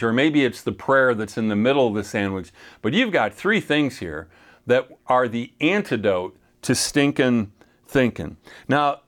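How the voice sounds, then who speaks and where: A male pastor preaching a sermon in a conversational way, with playful asides and frequent restarts. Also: mid-range voice.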